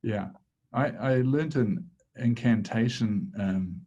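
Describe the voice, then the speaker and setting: A man hosting a casual podcast conversation, reflective and halting, with frequent restarts. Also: lowish voice, dark tone, breathy edge, muffled recording. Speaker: podcast host.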